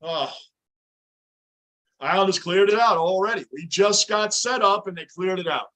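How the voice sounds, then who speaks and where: A man's voice: high voice, a little fast, pushed and bright. A man hosting a live sports reaction stream from his home basement, ranting intensely as a frustrated fan. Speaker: livestream host.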